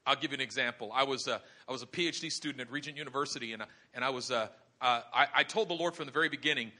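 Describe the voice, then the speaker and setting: A man preaching a sermon, telling the story dramatically and building to shouts at the high points. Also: rapid-fire, few pauses. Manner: animated, dramatic storytelling with acted voices.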